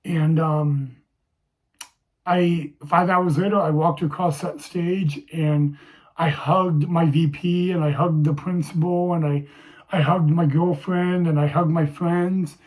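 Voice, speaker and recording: A young man telling a personal story to viewers, halting and emotional, with many restarts. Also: on the high side, steady tone, a little mellow.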